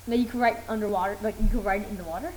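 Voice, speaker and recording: A woman's voice: mid-range voice, rapid-fire, darkish tone. A woman co-hosting a casual chat, reading tech news aloud, giggling and stumbling over headlines. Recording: echoey room with faint noise.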